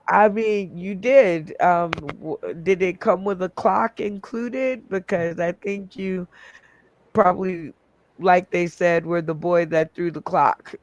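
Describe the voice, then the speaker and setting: A man's voice: high voice, slow pace, highs cut off. A man hosting a casual comedy game show over a video call, laughing often and rambling with fillers.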